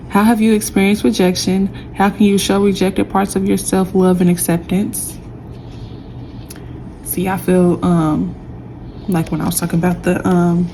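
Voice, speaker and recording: Chatty gravelly-voiced woman tarot reader. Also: lowish voice, steady tone, a little slow, long pauses, slight background noise, low-quality recording. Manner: chatty, warm and emotional, says y'all a lot. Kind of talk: casual pick-a-pile tarot reading.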